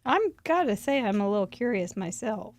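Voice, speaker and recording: A woman with a high, squeaky voice hosting a live crafting show, chatty and giggly with playful exclamations. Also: lively intonation, moderate pace, no echo. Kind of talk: casual chat during a live craft show.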